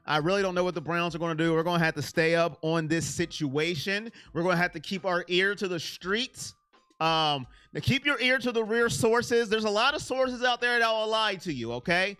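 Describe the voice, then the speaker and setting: Animated high-voiced man hosting a live stream. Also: normal speed, smooth, dry recording. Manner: animated, reads and answers chat by name; self-described as very emotional. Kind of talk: casual live-stream sports chat.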